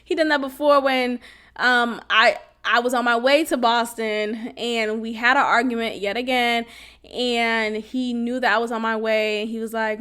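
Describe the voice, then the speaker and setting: A woman's voice: fairly high pitch, steady tone, normal speed, a bit bright, smooth. A young woman hosting a podcast, telling a personal story in a blunt, casual way with slang and frequent laughter. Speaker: podcast host.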